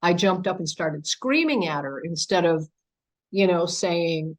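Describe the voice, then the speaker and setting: A woman's voice: mid-range voice, moderate pace. An older woman giving a talk about her own experiences, telling the story with animation and acting out the dialogue. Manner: animated storyteller who acts out quoted dialogue. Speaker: guest speaker. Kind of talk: personal account told to an audience. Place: home podcast studio.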